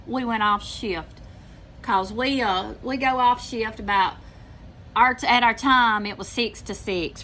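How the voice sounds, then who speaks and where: Chatty older southern woman, bright voice. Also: medium pitch, a little hiss or hum. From Mississippi, US. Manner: chatty, drawling, acts out quotes. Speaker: channel host telling a story. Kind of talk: casual storytelling.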